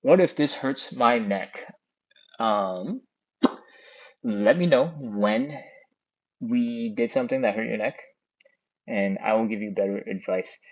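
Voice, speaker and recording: A man's voice: on the low side, takes it slowly, pauses often, highs cut off. Chatty man coaching stretches live. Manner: counts down aloud, chatty, reads out chat comments. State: a bit out of breath. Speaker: stretching class host. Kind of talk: live follow-along stretching class. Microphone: phone on a stand.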